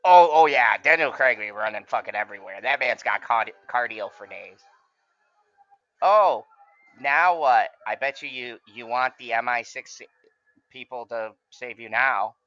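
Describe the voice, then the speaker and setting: An excitable man hosts a casual movie watch-along, swearing freely and laughing as he talks. His voice is bright and forceful, and it sounds close and dry but a little dull, like a muffled recording. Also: mid-range voice, a little slow, no echo. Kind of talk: casual chat, reacting to a film.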